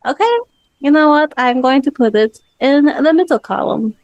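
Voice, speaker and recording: Woman player, somewhat high voice, earnest and playful, close dry recording. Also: normal speed, a little mellow, no room sound, highs cut off. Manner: earnest, playful, defensive when teased. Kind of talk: tabletop game role-play.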